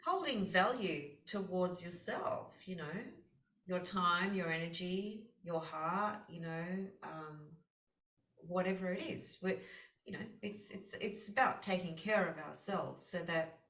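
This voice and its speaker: A woman's voice: on the low side, unhurried, a bit bright, roomy sound, distant mic, low-quality recording. A woman astrologer hosting a casual conversation, telling heartfelt stories with lots of fillers. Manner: earnest, heartfelt storytelling with many fillers. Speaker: astrologer host.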